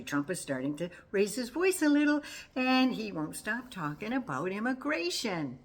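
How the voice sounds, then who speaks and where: An older woman with a low voice talks casually about politics. She is folksy and sassy, and she teases as she goes. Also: animated, unhurried. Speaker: political commentary vlogger.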